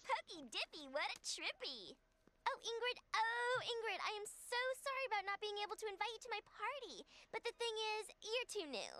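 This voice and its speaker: A woman voicing a bubbly, bossy party-throwing schoolgirl in an animated series, perky and singsong. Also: very high-pitched, brisk. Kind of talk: cartoon voice acting.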